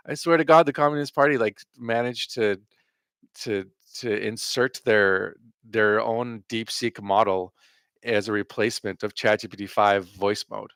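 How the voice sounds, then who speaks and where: Male reaction host: low voice, dry close sound, blunt and profane. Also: brisk, a bit bright, clear, resonant tone, no room sound. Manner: profane, sarcastic rebuttals. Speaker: commentary host reacting to clips. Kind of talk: reaction commentary.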